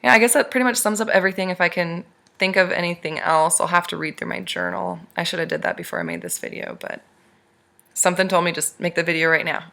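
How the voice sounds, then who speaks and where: A young woman vlogger casually retelling a strange dream to her camera, animated and rambling. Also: lowish voice, quick pace, vocal fry.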